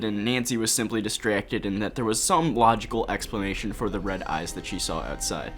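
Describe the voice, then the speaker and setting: A man's voice: on the low side, fairly quick, hardly any pauses, a bit bright, soft background music. A man co-hosting a video game review show, talking in an enthusiastic, conversational way. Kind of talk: casual review chat.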